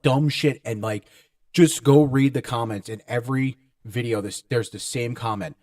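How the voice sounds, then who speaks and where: A man's voice: medium pitch, moderate pace, a little mellow, no room sound. A man co-hosting a casual podcast chat, talking bluntly with lots of swearing and mocking asides. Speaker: podcast co-host.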